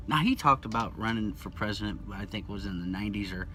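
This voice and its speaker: A worked-up man rants straight to camera in a home-made channel video, his pitch jumping high whenever he gets excited. He keeps repeating himself and stumbling over words, with faint music playing under his voice. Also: fast. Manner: agitated, rambling, repeats himself. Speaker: YouTube channel host. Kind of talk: impassioned conspiracy monologue.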